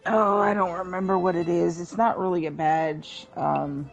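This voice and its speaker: Gravelly voiced co-streamer, kinda unsure, trails off, music faint behind. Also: mid-range voice, steady tone, normal speed, highs cut off. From living in Arkansas, US. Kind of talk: casual gaming chat.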